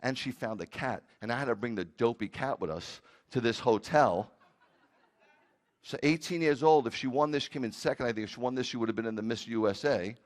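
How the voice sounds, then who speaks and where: A man's voice: medium pitch, a little fast. A man preaching a sermon as rabbi, telling funny stories with jokey asides. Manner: animated storytelling with jokey asides.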